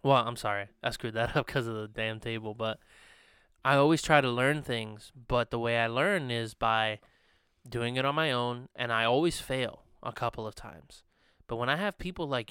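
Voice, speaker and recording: A man's voice: medium pitch, moderate pace, bright, forceful tone, clear, resonant tone, no echo, clean studio sound. A young man co-hosting a podcast, telling long rambling stories with fillers and laughs. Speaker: podcast co-host. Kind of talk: casual chat. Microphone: studio podcast mic.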